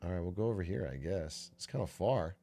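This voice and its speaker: Low-pitched and dark in tone, his voice has vocal fry and runs a little fast. He's a young man casually streaming a strategy game, joking, cursing, and coaching himself through nervous moments by repeating things. There's faint game music underneath.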